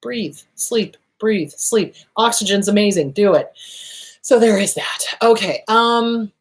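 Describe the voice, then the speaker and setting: A woman therapist hosting a podcast, giving casual advice, swearing freely and acting out quoted voices. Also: takes it slowly. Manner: swears freely, acts out quotes with big pitch jumps.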